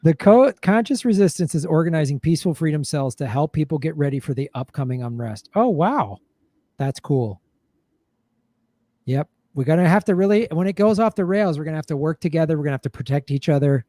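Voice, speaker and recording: A man hosting a loose live-stream show, joking and reading out chat messages in a voice a bit higher than usual for a man. The sound is close and dry, with no room echo. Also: lively intonation, fairly quick, warm tone. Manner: jokey, riffing, reads chat messages aloud. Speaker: show host reading viewer comments.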